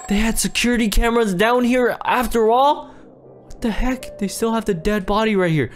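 A man's voice: sits high, moderate pace, faint music behind. A man acting out a game role-play as a frantic father, pleading and repeating himself. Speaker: role-play creator and lead player.

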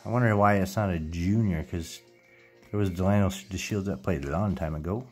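A middle-aged card-collecting YouTuber with a low voice chats casually and briskly as he opens baseball card packs, with faint music behind him. He reads out player names one after another, tripping over a few and correcting himself.

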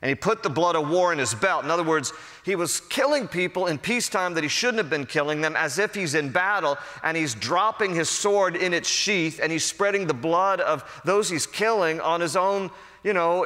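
A man, a pastor, giving a verse-by-verse Bible teaching in a conversational, animated storytelling manner. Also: fairly high pitch. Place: church sanctuary. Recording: long hall reverb.

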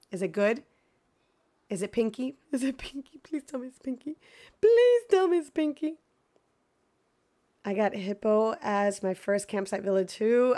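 A woman streaming a video game, chatting casually with viewers and swinging between excited gasps and mock dread. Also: medium pitch. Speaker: gaming streamer. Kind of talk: casual live gameplay chat.

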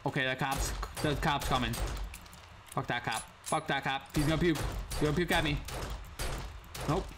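Young male gamer, casual slangy commentary, slightly high voice, jumpy. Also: moderate pace, background noise. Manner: casual slangy talk, jumpy yelps when startled. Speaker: gaming channel host. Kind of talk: gameplay commentary.

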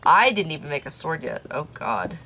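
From a room in her parents' place, a young woman gives rambling, self-deprecating commentary while playing a game for YouTube, with soft asides under her breath. Her low voice swings widely in pitch at an ordinary speed, and a slight hiss or hum is audible.

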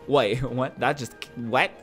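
A man's voice: medium pitch, a bit bright. Chatty male streamer. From northern Portugal. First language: Portuguese. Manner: chatty, rambling, repeats his words. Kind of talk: casual chat while gaming.

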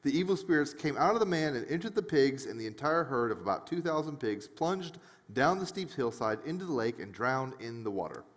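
A man's voice: mid-range voice, big pitch swings, brisk, big-room sound. A man preaching a casual, conversational sermon, reading scripture and retelling it in a joking, chatty way. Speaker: pastor.

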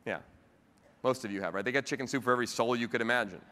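A man's voice: mid-range voice, very fast, sharp tone. A man giving a keynote speech to a convention, telling a personal story and acting out the voices of the people in it. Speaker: keynote speaker. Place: large convention hall. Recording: long hall reverb.

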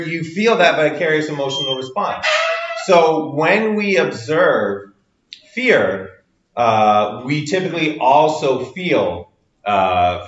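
A man's voice: fairly high pitch, a bit bright. Man giving a roomy lo-fi lecture. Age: adult with children. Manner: explanatory, many fillers, acts out quotes. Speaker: university psychology lecturer. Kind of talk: recorded lecture.

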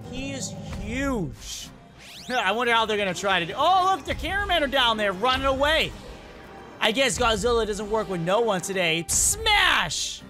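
A hyped reaction host calls the action play by play with a bright, forceful voice that swoops up and down. Lots of exclamations and direct talk to the viewers. Faint music plays underneath. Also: mid-range voice. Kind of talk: excited play-by-play reaction commentary.

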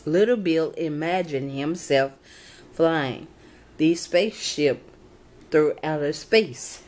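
A young woman reading a children's storybook aloud, halting and fixing her slips as she goes. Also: sits low, darkish tone. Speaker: channel host reading to reborn dolls.

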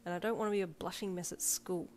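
A woman's voice: fairly low pitch, fairly even intonation, fast talker, darkish tone, slight background noise, close to an everyday voice. A woman voicing a cheeky teenage girl who teases and jokes sarcastically in a fan fiction audiobook. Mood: teasing. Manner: playful sarcastic teasing.

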